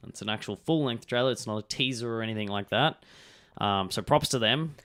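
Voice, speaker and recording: A young man co-hosting a podcast, blunt and sweary in casual chat, his voice a little hoarse. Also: on the low side, brisk, a bit bright. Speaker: podcast co-host.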